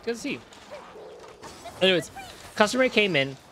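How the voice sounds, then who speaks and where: A man's voice: high voice, very animated, normal speed, fairly bright tone, a little hiss or hum. A man streaming live, chatting casually and rambling. He swears freely and breaks off to react to chat. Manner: rambling, profane, reacting to chat mid-story.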